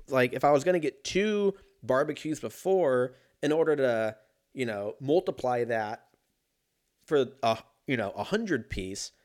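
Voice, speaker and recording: A young man in a casual comedic rant, profane and rambling, jumping into mock voices of people he quotes. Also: mid-range voice.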